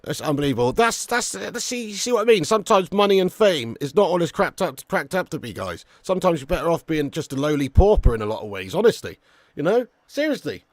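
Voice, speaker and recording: A young man hosts a live football watch-along in a chatty, rambling way, swearing and reading out viewers' messages. His voice sits a little high for a man. The sound is dry and close, with no room around it. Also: a little fast, no room sound. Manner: chatty, swears, reads chat aloud, bursts into excited shouting on chances. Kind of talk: casual live-stream chat and commentary.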